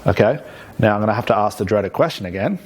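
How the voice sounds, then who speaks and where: A man teaching a live hypnosis workshop to a room, energetic and often checking in with "okay?". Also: fairly low pitch, fast. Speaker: hypnosis trainer. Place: training room with an audience.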